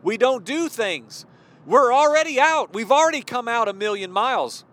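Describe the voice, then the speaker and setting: A man with a notably high-pitched voice delivers a loose, conversational sermon outdoors. He rambles, backs up and restarts mid-sentence, and keeps turning to his listeners as brothers and friends. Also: lively intonation, normal speed, fairly bright tone. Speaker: preacher. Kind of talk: informal sermon to men.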